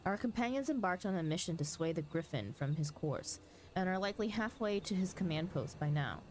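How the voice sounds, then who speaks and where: A woman voicing an earnest young male strategist who lays out plans in a measured, urgent way. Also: on the low side, animated, darkish tone, a little hiss or hum, natural voice. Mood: resolute. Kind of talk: reading game dialogue aloud.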